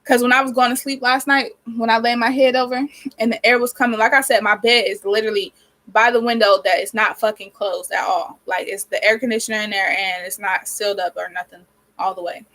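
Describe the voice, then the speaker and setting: A woman's voice: on the high side, level tone, a little fast, a bit bright, rough recording. A nineteen-year-old woman vlogging casually while she does her hair, venting and rambling with a lot of swearing, her nose irritated and sniffly. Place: small cold bedroom with a space heater running.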